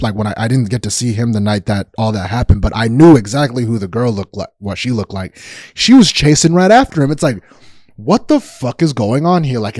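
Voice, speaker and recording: A man's voice: medium pitch, mellow, no room sound. A man hosting a podcast, telling a story in a casual, rambling and profane way with sudden emphatic outbursts. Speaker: podcast host.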